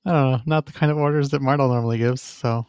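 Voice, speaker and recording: A man playing a casual tabletop game talks fast and hesitantly, full of fillers. His mid-range voice has fairly even intonation and a darkish, clear, resonant tone, recorded with no room sound.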